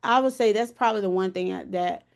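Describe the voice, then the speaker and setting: Candid woman with gravelly voice. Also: medium pitch, fast. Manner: emotional, candid, colloquial. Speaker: podcast host. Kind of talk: personal storytelling.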